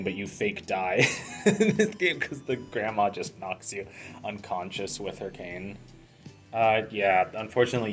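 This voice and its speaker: A man giving rambling, self-deprecating commentary while playing a video game. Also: fairly low pitch. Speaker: let's play commentator.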